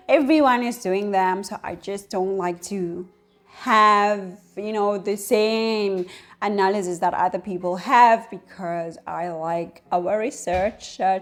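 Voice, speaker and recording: A woman hosting her own astrology channel, talking in a rambling, casual monologue full of fillers and rhetorical asides. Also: medium pitch. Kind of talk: casual unscripted video monologue.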